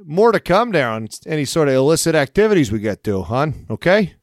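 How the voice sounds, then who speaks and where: A man's voice: on the high side, very animated, fairly quick, no echo, studio quality. Laughing, foul-mouthed man on a podcast. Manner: laughs often, swears freely. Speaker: podcast co-host. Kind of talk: casual crude banter.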